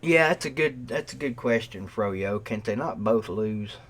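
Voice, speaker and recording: A man's voice: on the low side, fairly even intonation, unhurried, fairly bright tone, slight background noise. A man hosting a live stream, joking and swearing in a drawl and breaking into off-key joke songs. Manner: joking, profane, drawling banter with off-key singing. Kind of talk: casual live-stream chat with strummed guitar. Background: acoustic guitar.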